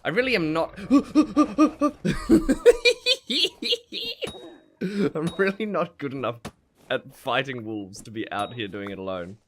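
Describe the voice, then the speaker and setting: A man's voice: medium pitch, moderate pace, a little hiss or hum. A man streaming a survival game, chatting with viewers and narrating his fights with lots of laughter. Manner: animated, laughs often, talks to himself. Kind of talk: gameplay commentary with chat reading.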